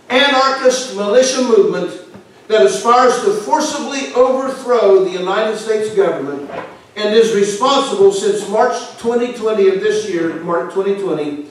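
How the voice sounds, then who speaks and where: A fiery male pastor preaches in a fairly high voice, leaning hard into some words and sinking low on others. The room rings with heavy echo, and he sounds set back from the microphone. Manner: emphatic, forceful preaching with sudden drops in volume. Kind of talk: fiery sermon. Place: church sanctuary. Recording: echoey church hall from far off.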